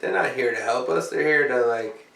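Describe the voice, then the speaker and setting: A man's voice: mid-range voice, normal speed, creaky, fairly bright tone, slight background noise. A tired man vlogging in a rambling, profane, jokey way, yawning as he talks. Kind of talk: casual rambling vlog. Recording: roomy, mic far off.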